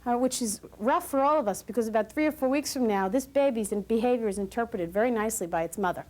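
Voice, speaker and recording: A woman giving a lively, joking lecture to new parents as a parenting class instructor. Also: a little high, fast.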